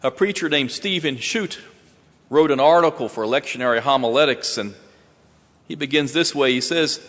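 A man preaching a sermon slowly and deliberately, with dramatic pauses and rising emphasis. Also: mid-range voice, a bit bright, long reverb tail.

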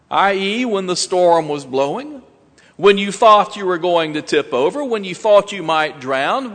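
A man preaching a sermon slowly and deliberately, with dramatic pauses and rising emphasis. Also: high voice, sing-song, a bit bright, in a large hall.

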